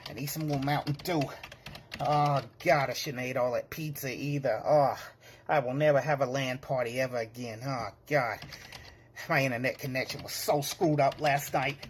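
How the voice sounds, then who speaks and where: A man's voice: mid-range voice, fairly even intonation, normal speed. A young man rambles through a comedic sketch monologue in a flustered, whiny panic. Keyboard clatter and a faint hiss sit behind him. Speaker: comedy skit performer.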